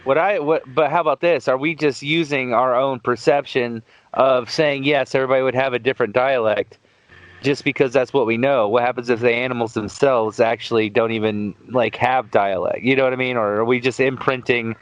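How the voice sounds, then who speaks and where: A man's voice: medium pitch, fairly even intonation, brisk, no room sound. A man from the United States in a casual remote group chat, pressing questions and pushing his point. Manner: questioning, argumentative. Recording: dry, dull lo-fi call audio.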